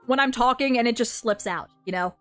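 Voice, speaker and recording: A young woman with a slight German accent talks on a live stream in a loose, rambling way. She fills gaps with "um" and "like" and swears freely. Her voice sits a little high, with faint music behind her. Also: a little fast, fairly bright tone, dry recording. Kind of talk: casual chat on a live stream.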